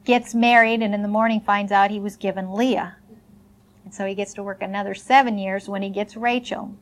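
A woman teaching a Bible lesson, reading the story expressively with chatty asides to the listener. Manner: expressive reading, voicing characters' lines with raised pitch.

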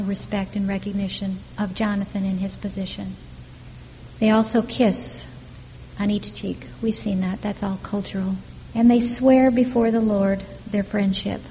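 Woman teaching Bible stories in a reverberant hall. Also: medium pitch. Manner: animated storytelling, asks the listeners questions. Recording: long hall reverb, faint background noise.

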